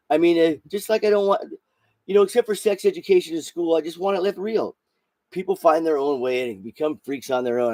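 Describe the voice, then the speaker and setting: A man's voice: mid-range voice, darkish tone, no room sound. A man hosting a solo podcast, ranting in a heated, profane way with many repeats and restarts. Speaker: podcast host.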